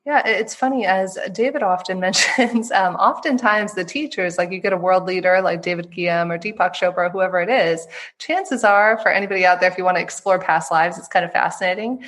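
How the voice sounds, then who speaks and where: A woman who is a guest author on an interview show, telling stories with animation and acting out quoted voices with sudden jumps in pitch. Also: fairly quick, fairly bright tone.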